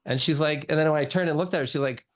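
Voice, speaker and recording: A man's voice: on the high side, very fast. Chatty man telling his story. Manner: chatty, lots of "like" and "you know". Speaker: guest doctor. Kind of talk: casual storytelling interview.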